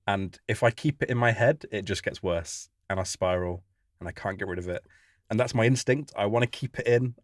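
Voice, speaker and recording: A man's voice: lowish voice, no room sound, studio quality. A man co-hosting a parenting podcast, speaking candidly and thoughtfully about being a father. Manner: candid, reflective. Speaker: podcast co-host. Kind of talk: casual chat.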